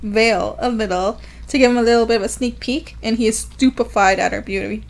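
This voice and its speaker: A woman's voice: on the high side, fairly quick, gravelly. A woman co-hosting a podcast, recapping a novel in casual chat and laughing often as she retells each scene. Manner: animated retelling, reading quotes aloud with laughter. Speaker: podcast co-host.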